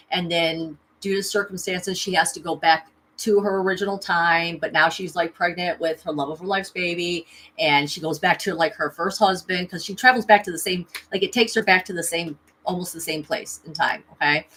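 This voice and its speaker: A woman's voice: fairly low pitch, a bit bright. A woman hosting a spiritual livestream, telling a personal story in a chatty, profane way, checking in with "okay" and "right" as she talks into a camera at home. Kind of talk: casual storytelling monologue.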